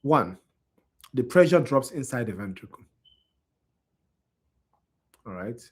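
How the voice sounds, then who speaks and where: A tired anatomy instructor gives a classroom lecture in a husky, darkish voice, speaking slowly with big swings in pitch. He keeps quizzing his students, repeatedly checking with lines like "you understand?"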